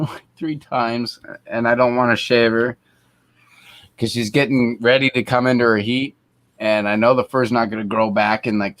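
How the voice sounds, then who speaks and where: A man streaming a casual chat, swearing a lot and cooing softly to his dog. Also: medium pitch. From Canada.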